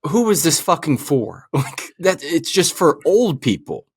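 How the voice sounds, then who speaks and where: A man co-hosting a casual movie review chat, cracking quick jokes. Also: on the high side, very animated, husky. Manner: wisecracking, quick punchlines. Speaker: podcast co-host.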